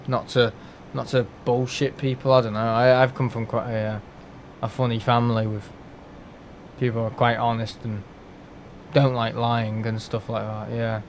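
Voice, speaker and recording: Blunt swearing streamer. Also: male voice, medium pitch, slight background noise. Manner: blunt, rambling, joking, swears freely. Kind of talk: live game stream chat.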